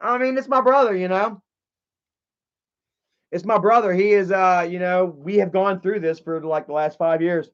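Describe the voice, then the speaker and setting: A high-pitched man talks to his livestream chat, agitated and confrontational. He rambles with lots of fillers and restarts. The audio is dull and lo-fi. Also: fairly even intonation, moderate pace, clear, resonant tone.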